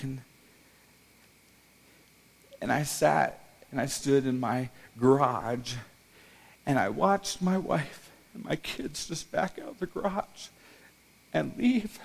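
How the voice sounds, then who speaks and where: A middle-aged man preaches, telling his own story of hardship. He speaks with emotion, stumbling and restarting often, at an everyday middle pitch. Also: gravelly, slightly rough. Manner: emotional, halting, with repeated restarts. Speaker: pastor. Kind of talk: personal testimony sermon.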